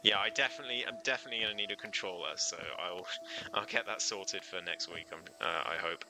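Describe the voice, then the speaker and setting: A man's voice: on the low side, fast talker, pushed and bright, faint music behind. A man chatting casually as he streams a video game, reacting aloud and laughing often. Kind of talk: casual live gameplay commentary.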